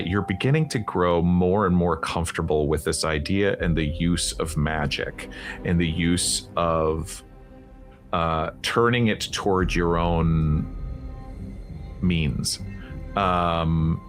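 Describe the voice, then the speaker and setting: A man with a fairly low voice acts as game master for a tabletop horror game. He laughs easily and narrates in a halting way, full of fillers. Music plays clearly behind him. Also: steady tone.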